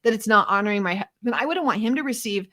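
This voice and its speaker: A woman's voice: medium pitch, expressive, quick pace, a bit bright. A middle-aged woman hosting a casual faith discussion, chatty and self-deprecating, acting out little prayers and inner dialogue as she talks. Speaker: host of a Torah study show.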